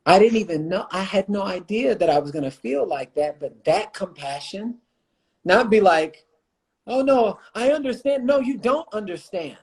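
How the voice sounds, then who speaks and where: A man's voice: sits high, lively intonation, moderate pace. Passionate man, repeating lines for emphasis. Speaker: guest, motivational speaker and coach. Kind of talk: impassioned conversation on a livestream. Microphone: phone or computer mic on a livestream.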